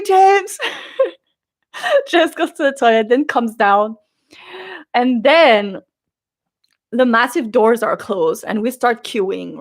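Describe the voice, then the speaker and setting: A young woman vlogger casually recounting a concert trip, animated and acting out the people she quotes. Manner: animated, acts out quotes with big pitch jumps. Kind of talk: casual storytelling vlog.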